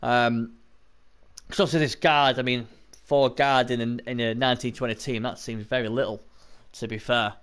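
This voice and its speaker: A man's voice: mid-range voice, fairly even intonation, normal speed, fairly bright tone, smooth. A man giving casual live-stream commentary on a tabletop sports video game, rambling and chatting to viewers between points.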